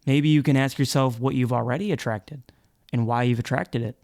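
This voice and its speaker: A man hosts a solo podcast from an indoor studio set with a black background, speaking at a medium pitch in a fairly even, brisk, slightly mellow voice. His style is rambling, playful and profane, and he often restarts his sentences.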